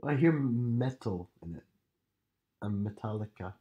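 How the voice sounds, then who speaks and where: A man's voice: lively intonation, unhurried, highs cut off. Podcast cohost guy, jokey and teasing, voice jumps up on punchlines. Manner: playful and teasing, swooping up in pitch for jokes. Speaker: podcast co-host. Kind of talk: casual chat.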